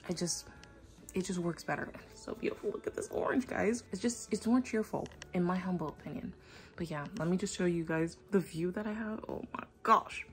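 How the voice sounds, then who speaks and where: Rambly excited woman vlogging from her couch, kinda low voice, soft music in the back. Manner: chatty, rambling, enthusiastic. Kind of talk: casual chat to camera. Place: at home indoors.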